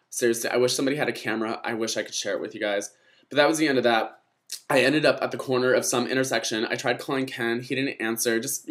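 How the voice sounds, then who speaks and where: A young man tells a wild night-out story straight to his vlog viewers, in a voice of middling pitch. He is gossipy and theatrical, and he swears freely as he talks. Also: fairly bright tone. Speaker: vlogger.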